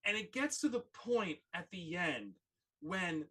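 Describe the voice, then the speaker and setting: Animated storyteller for a casual chat show, lively pitch, bright tone. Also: measured pace, slightly rough, rough recording. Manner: animated storyteller with lots of "like" fillers.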